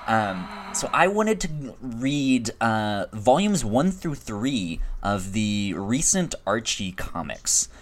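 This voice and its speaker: A man's voice: on the low side, very animated, slow, few pauses, slight background noise. A young man co-hosting a podcast, chatting casually with many ums and restarts. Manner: rambling, frequent ums and restarts. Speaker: podcast co-host. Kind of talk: casual chat.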